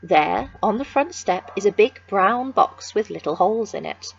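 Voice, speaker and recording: A woman reading a children's picture book aloud with expressive, sing-song storytelling. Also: medium pitch, moderate pace, gravelly, breathy edge, lo-fi sound.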